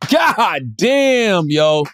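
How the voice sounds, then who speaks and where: A man's voice: sits high, big pitch swings, drawn-out words, a bit bright, no room sound, studio quality. A man co-hosting a comedy podcast, bantering animatedly, laughing often and repeating catchphrases. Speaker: podcast co-host.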